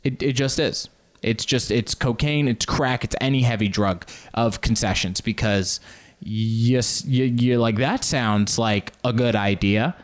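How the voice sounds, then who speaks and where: A man telling casual, rambling stories on his own show, often jumping into loud comic impressions. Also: mid-range voice, measured pace. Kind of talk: casual solo storytelling.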